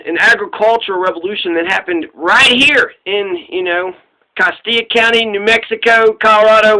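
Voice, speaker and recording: Host, male: high, bright voice, loose profane rambling through trivia answers. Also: low-quality recording. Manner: puts on gruff voices to act out quoted people. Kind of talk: casual solo trivia talk.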